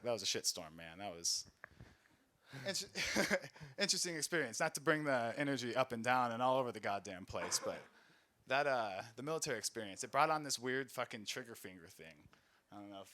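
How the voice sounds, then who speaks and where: A man telling loose, profanity-laced personal stories to a small studio crowd, drifting off track and laughing at himself. His voice sits at a middle pitch with a bright, forward tone. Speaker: stand-up comedian and Army veteran. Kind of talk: casual storytelling comedy set. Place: small recording studio space.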